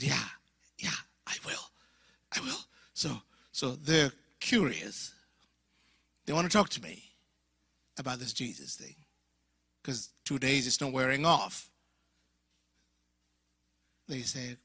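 A middle-aged man preaching his testimony as a guest speaker, telling the story with animated acted dialogue and voicing other people in a high pitch. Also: vocal fry, slightly rough, dry recording, clean studio sound.

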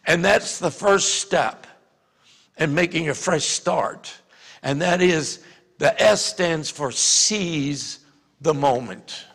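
High bright-voiced preacher in a hall. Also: male voice, slow pace, gravelly. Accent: Louisiana. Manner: conversational preaching with many restarts, rising to shouts. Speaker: pastor. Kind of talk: sermon.

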